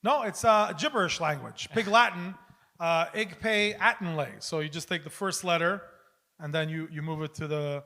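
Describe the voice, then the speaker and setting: High, bright profane storyteller man. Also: moderate pace. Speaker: comedian guest. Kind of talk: casual comedy podcast banter.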